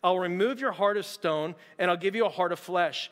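A man's voice: high voice, fairly quick, fairly bright tone, big-room sound. A pastor preaching a sermon to his church in a conversational, emphatic way, with repeated words and casual fillers.

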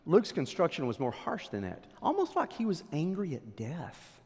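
A pastor preaching a sermon, swinging from loud declarations to hushed whispers. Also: male voice, fairly high pitch, wildly swooping pitch, moderate pace, slightly rough. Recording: long hall reverb.

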